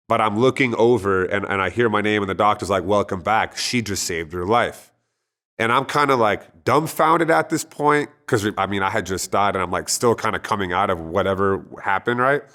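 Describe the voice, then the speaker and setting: A man's voice: fairly low pitch, fairly bright tone. Earnest man telling a story. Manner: earnest, conversational, with frequent restarts. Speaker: storyteller sharing a personal testimony. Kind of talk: casual spoken testimony.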